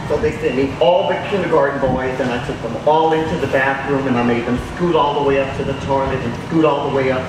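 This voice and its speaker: A man's voice: medium pitch, fast, few pauses. A man from Beaumont, Texas, telling funny classroom stories live as a storyteller and teacher. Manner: animated, acts out children's voices. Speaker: storyteller and schoolteacher. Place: outdoor downtown festival stage. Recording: distant, echoey outdoor sound with noise.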